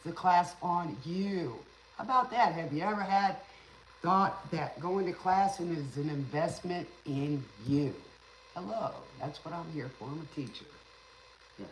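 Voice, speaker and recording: A tarot reader and spiritual teacher talking casually on a livestream in a rambling, teacherly way, with sarcastic asides and an occasional stutter. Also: mid-range voice. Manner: stutters sometimes. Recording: roomy with faint background noise.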